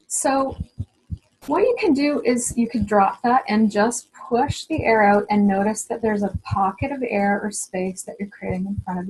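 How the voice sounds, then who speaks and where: A middle-aged woman, a somatic coach, gently guiding listeners through a body exercise with soft fillers and encouragement. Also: fairly high pitch, slightly rough, low-quality recording. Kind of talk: guided somatic exercise instruction.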